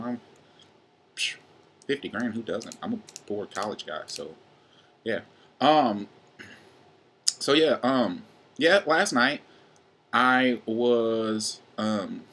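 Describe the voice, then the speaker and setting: A man's voice: medium pitch, fairly bright tone, breathy edge. A young man in his twenties, chatting casually and rambling to camera in a fitness vlog. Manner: rambling and chatty, with many fillers. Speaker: college student vlogging a fitness challenge.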